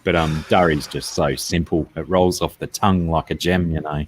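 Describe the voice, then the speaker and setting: Deep-voiced Australian man chatting. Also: fairly even intonation, moderate pace, a little hiss or hum. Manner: easygoing, rambling, self-deprecating. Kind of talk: casual chat.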